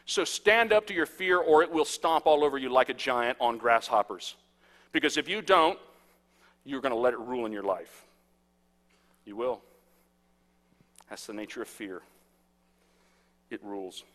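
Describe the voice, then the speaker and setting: A man in his thirties, a pastor preaching a sermon and telling stories, swinging from hushed to loud. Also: medium pitch, expressive, moderate pace, long pauses. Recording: echoey hall.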